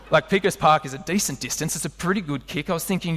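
A man delivers a lively sermon, his voice pitched somewhat high for a man. He keeps turning to the congregation with rhetorical questions. The sound rings on in a large hall with a long reverb. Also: fast, few pauses. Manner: animated, asks the listeners rhetorical questions. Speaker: preacher.

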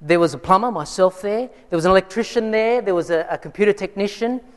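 In a fast, high-sitting voice, a man preaches in church, relating a personal story in a conversational style with frequent restarts. Long hall reverb colors the sound.

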